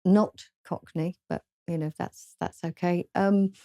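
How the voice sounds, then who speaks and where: Soft-spoken southern English woman. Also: fairly low pitch, steady tone, a little slow, dry recording, highs cut off. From southern England, London. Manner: hesitant, many fillers and restarts, soft. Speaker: author guest. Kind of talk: casual interview chat.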